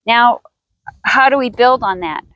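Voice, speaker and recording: A woman's voice: fairly high pitch, a little slow, no echo, muffled recording. A woman horse trainer teaching outdoors in a riding arena, chatty and thinking aloud with restarts as she coaxes her horse.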